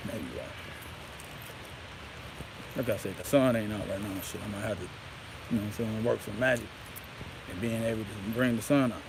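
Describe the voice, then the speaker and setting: A man's voice: fairly low pitch, steady tone, normal speed, pauses often, noisy background. A man rambling grandly and profanely into a handheld phone outdoors, peppering his talk with "you know what I mean". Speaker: vlogger.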